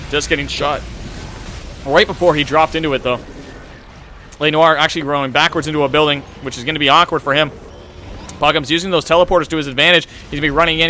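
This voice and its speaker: A young man in his twenties calling a video game match play by play, rapid and excitable. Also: a little high, slight background noise. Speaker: esports caster.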